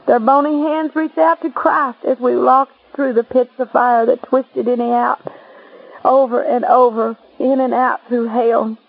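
High, gravelly woman narrating a religious testimony. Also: fairly even intonation, measured pace, no echo. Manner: earnest, imploring reading. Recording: dull lo-fi recording.

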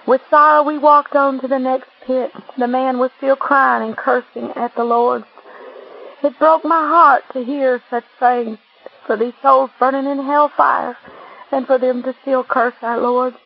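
A woman reads a religious testimony in an earnest, imploring way. Her voice is high and gravelly, and the recording is dull and lo-fi. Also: fairly even intonation, unhurried. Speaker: narrator.

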